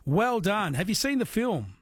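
A man hosts an overnight radio quiz, chatting easily and laughing along with his callers. His voice is slightly husky and sits a little high for a man. The studio sound is close and dry. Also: sing-song, moderate pace, no echo. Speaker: radio host. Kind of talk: late-night radio quiz chat. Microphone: studio microphone.

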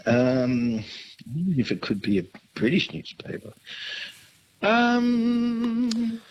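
A man's voice: sits high, slow pace, highs cut off, slight background noise. A man calling in to a radio quiz, rambling and hesitant with many ums. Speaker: caller. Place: phone line.

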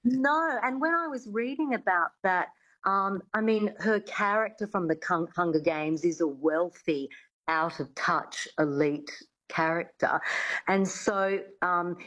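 A woman explains things as a coach on a radio show. Her voice sits a little low, and she talks in a loose, chatty way with plenty of fillers. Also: unhurried, fairly bright tone, lo-fi sound. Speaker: accent coach. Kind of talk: radio interview guest.

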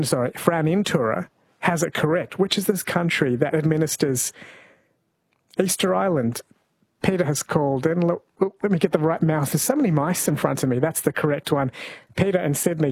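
A man's voice: fairly high pitch, moderate pace, a little mellow, breathy edge, no room sound. A man hosting a call-in radio show, chatty and playful with callers. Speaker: radio host.

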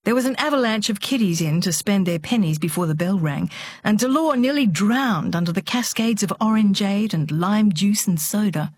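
A woman narrating an audiobook in a steady, measured storytelling voice. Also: medium pitch, breathy edge, no room sound.

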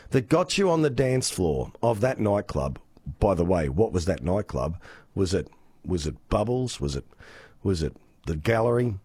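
Croaky Australian male radio presenter. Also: sits low, sing-song, normal speed, a little mellow, no echo. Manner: chatty, upbeat. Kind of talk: radio weather and traffic update.

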